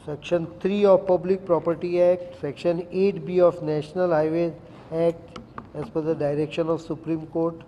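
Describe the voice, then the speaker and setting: A middle-aged man with an Indian English accent speaks in a firm, measured way at a press briefing. His voice has a very dark, mellow tone that sits a little high. The room is echoey, with faint noise behind him. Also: level tone. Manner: firm, deliberate, reads out legal sections. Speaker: chief minister. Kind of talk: press statement.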